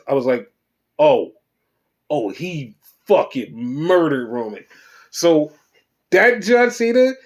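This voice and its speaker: A man hosting a solo wrestling podcast, recapping casually with profanity and acting out quotes. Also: high voice. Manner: animated, profane, reenacts quotes. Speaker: podcast host.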